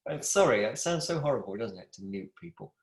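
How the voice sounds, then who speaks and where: A man's voice: mid-range voice, animated, brisk, roomy sound. A middle-aged man leading a live online yoga class over a video call from his home, chatty, affectionate and rambling. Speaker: yoga teacher. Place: room at home with a wood stove.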